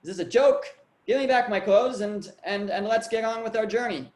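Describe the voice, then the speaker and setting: A man's voice: sits high, a little mellow, pitched above the performer's own voice, lightly acted. Indignant rich merchant, bewildered and raising his voice, put on by a male storyteller. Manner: exasperated, rapid questioning. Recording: echoey room.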